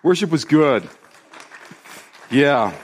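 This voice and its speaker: A pastor preaching a relaxed, conversational sermon live in church, full of fillers and repeated phrases. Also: male voice, fairly high pitch, extremely slow, some chatter behind. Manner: chatty, loose, repeats himself, many fillers. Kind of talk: casual spoken sermon to a live congregation. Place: church service, sanctuary.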